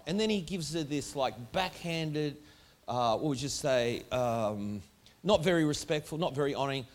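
A man's voice: on the high side, expressive, moderate pace. A man preaching a sermon to a congregation in a church, emphatic and driving home his points with repeated rhetorical questions. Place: church hall before a congregation.

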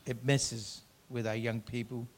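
A man preaching a sermon as pastor, earnest, swinging from loud emphatic lines to quiet conversational asides, drawing out key words. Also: medium pitch, flat delivery, unhurried, a little hiss or hum.

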